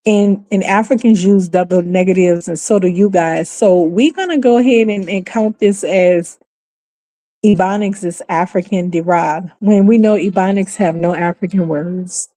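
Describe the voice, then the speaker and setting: A woman's voice: fairly low pitch, normal speed, mellow. A woman from New Orleans with a New Orleans accent, hosting a casual livestream and talking in an emphatic, exasperated way with frequent profanity. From New Orleans, USA. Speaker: livestream host. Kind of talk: casual opinionated livestream talk.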